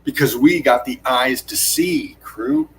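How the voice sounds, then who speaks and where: A man talks through on-screen footage in an urgent, excited rush, swearing freely and repeating himself. His delivery is emphatic and insistent, with punchy single words that mark each detail he points to. His pitch sits in an ordinary middle range for a man. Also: slight background noise. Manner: urgent, profane, repeats "look at this" constantly; rapid emphatic pointing words like "bam" and "boom". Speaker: channel host narrating screen footage. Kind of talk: excited on-screen analysis commentary.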